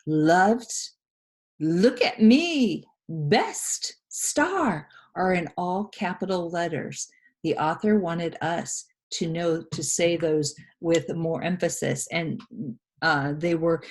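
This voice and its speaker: Woman, first grade teacher, low voice, slow and patient explaining between read-aloud pages. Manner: patient, explaining, with small asides. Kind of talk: read-aloud writing lesson.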